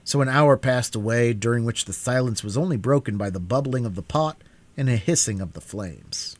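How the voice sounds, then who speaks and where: A man's voice: medium pitch, normal speed, dry recording. A man reading a classic children's book aloud in a live stream, narrating expressively. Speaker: reader.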